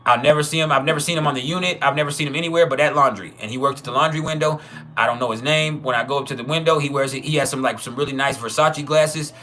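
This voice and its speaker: A man's voice: on the high side, steady tone, very fast, pushed and bright. A man casually telling a personal story, profane and chuckling, with many trailing restarts. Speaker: channel host.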